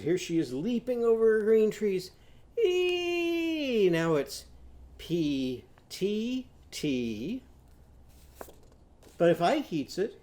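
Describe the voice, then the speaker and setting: A man teaching young children a phonics lesson, patiently prompting them to repeat after him and sounding out words slowly. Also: sits high, dark tone. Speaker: literacy teacher.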